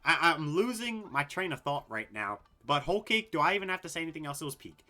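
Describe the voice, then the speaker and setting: A young man casually ranking anime story arcs, excitable and rambling, swearing a lot and full of fillers. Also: a little high, fast talker. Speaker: anime video host.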